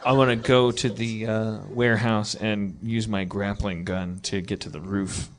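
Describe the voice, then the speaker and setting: A man's voice: fairly low pitch, steady tone, measured pace. A man playing a tabletop game, hesitant and mumbling. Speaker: player.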